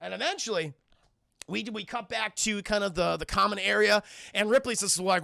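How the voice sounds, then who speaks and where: Excitable, gravelly high-voiced man streaming. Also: normal speed, no echo, clean studio sound. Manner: excitable, profane, talks straight to his chat. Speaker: film reviewer streaming live. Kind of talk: casual spoiler retelling to a live chat.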